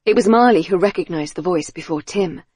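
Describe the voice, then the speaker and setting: A woman reading an audiobook thriller in a measured, tense storytelling manner on a close studio mic. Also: lowish voice, a little mellow, breathy edge, dry recording. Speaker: audiobook narrator. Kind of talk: scripted audiobook narration.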